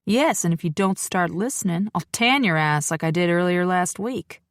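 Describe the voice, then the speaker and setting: A woman's voice: on the low side, moderate pace, dry recording, clean studio sound, close to an everyday voice. A woman reading an insistent, possessive biker man. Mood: firm.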